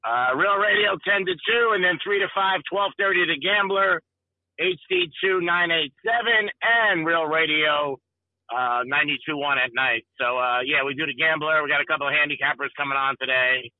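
A man's voice: a little high, no echo, narrow, tinny audio. A man hosting sports radio, telling wisecracking stories and quoting the people in them in casual banter. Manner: storytelling, wisecracking, quick to quote people.

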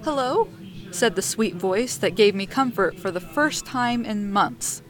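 A woman narrating a scripted horror story for a podcast, dramatic and slowing down for suspense. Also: mid-range voice, soft background music.

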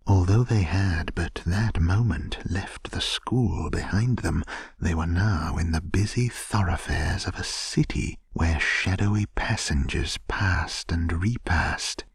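A man gently narrating a classic tale as a soothing bedtime story in a soft, hushed, half-whispered way. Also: deep voice, slightly rough, no echo, studio quality.

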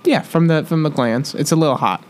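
A man running a tabletop game as game master, narrating events in a halting, restarting way. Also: on the high side, a little hiss or hum.

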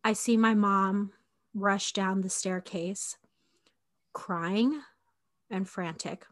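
A woman's voice: medium pitch, very slow, fairly bright tone. Young woman telling a story, chatty and casual. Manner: conversational, frequent "like" and fillers, acts out quoted dialogue. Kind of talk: personal storytelling podcast.

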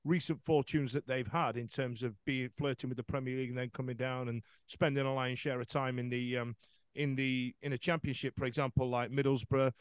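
A man's voice: mid-range voice, level tone, a little fast, clear, resonant tone, no echo. A man hosting a football podcast in casual chat, rambling with many restarts. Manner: rambling, lots of restarts and fillers.

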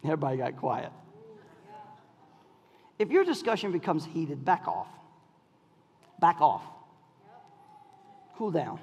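A man preaching a sermon in a church, calling out to the congregation and swinging between shouts and near whispers. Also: fairly high pitch, very animated, slow, long pauses, husky, in a large hall. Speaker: pastor. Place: church sanctuary.

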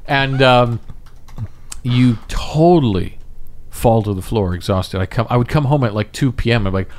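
A man's voice: normal speed, darkish tone. A man on a comedy podcast who keeps slipping into impressions and silly character voices mid-sentence, and often laughs. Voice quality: voice can drop low and smoky. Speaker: impressionist and voice actor guest. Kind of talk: casual podcast chat with impressions.

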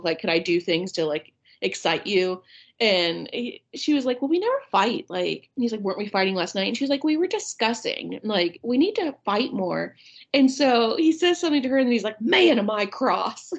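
Animated, gravelly-voiced woman chatting. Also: medium pitch, normal speed. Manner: chatty, laughs often, retells scenes. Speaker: podcast co-host. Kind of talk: casual chat about a movie.

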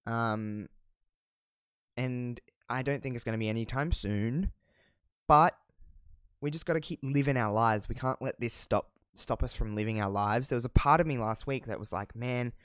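A man's voice: mid-range voice, moderate pace, a bit bright, smooth, no echo, clean studio sound. A man in his twenties with an Australian accent, hosting a casual solo podcast in a rambling, candid way, with slang and the odd swear word. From South Australia. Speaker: podcast host.

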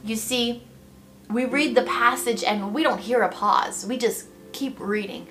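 A woman giving a devotional Bible teaching in a reflective, gently expressive way. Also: on the high side, unhurried. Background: soft guitar music.

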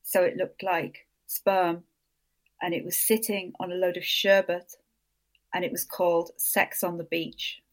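A woman's voice: flat delivery, a little slow. A woman, a podcast guest telling funny stories in casual chat, laughing often. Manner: chatty storyteller, laughs a lot, mimics others in high voices.

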